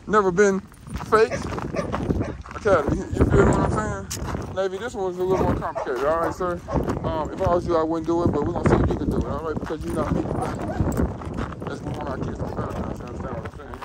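A man with a fairly high voice talks to his dog at an outdoor park, mixing firm commands with playful, joking praise. The recording is loud with outdoor noise behind him. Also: normal speed. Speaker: dog owner and trainer vlogger. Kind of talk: casual vlog talking to his dog.

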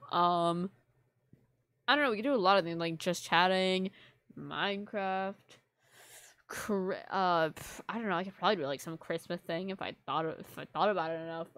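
A woman's voice: lowish voice, steady tone, a little slow, fairly bright tone, clean tone, no echo. A young woman live-streaming to her viewers in casual chat, rambling and apologetic, full of fillers. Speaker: livestreamer.

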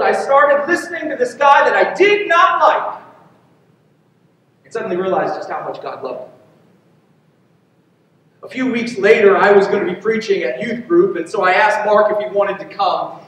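A man's voice: high-pitched, a bit bright. A man preaching a sermon as a pastor, telling a personal story in an earnest way. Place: church sanctuary. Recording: echoey hall from far off.

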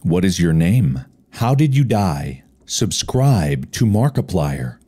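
A man playing a horror game alone, talking at an unseen ghost in a slow, unhurried way. He teases and taunts it, breaking into sudden yelps. His pitch swings wildly from low mutters to high shouts. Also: big pitch swings, husky. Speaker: game streamer.

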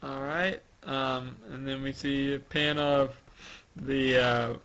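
A man's voice: mid-range voice, steady tone, crowd noise. A young man hosting a casual podcast, hesitantly walking through a comic chapter with many fillers. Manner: slow, hesitant, reading out quotes with shouted emphasis. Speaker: podcast host. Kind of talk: casual chat recapping a manga chapter. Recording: dull lo-fi sound.

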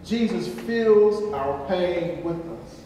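A man's voice: high-pitched, lively intonation, slow, warm tone, slight background noise. A man preaching a sermon as pastor, emphatic and repetitive, in a large church. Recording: echoey church hall from far off.

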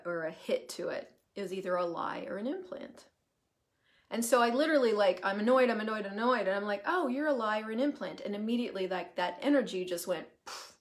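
Woman, live-stream host, casual chat, animated, swears now and then, asides, mid pitch. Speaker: host, coaching facilitator.

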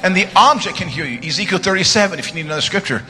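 A man preaching a live church sermon, telling stories with joking asides and sudden shouted commands. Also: high voice, expressive, rapid-fire. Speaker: guest preacher. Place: church sanctuary. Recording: live church sermon, reverberant hall, music underneath.

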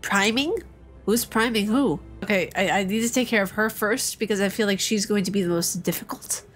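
A woman's voice: mid-range voice, brisk, soft background music. A young woman hosting a let's-play, chatting playfully with her viewers as she plays. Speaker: gaming channel host. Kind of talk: casual let's-play commentary.

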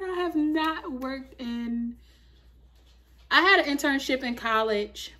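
A woman in her thirties chatting casually in a home vlog, animated and talkative, full of fillers like "like" and "you feel me". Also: on the high side. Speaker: lifestyle vlogger.

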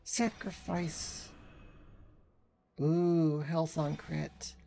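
A woman's voice: fairly low pitch, moderate pace, a little mellow, a little hiss or hum. A woman VTuber streaming a game live, reacting with frustrated swearing and chatting with her viewers. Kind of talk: live gameplay commentary.

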